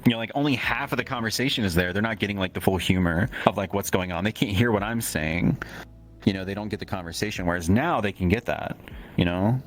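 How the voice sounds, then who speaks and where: Brief: deep-voiced male guest, relaxed and chuckling, loose rambling answers. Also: fast talker, a little hiss or hum. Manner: laid-back, laughs often, rambling with fillers. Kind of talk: casual livestream interview.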